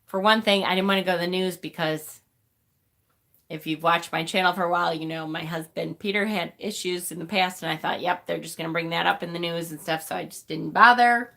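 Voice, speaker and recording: Bright-voiced woman chatting on a livestream. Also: lowish voice, brisk, gravelly. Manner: blunt, swears freely, laughs often. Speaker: livestream host. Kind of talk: casual livestream chat.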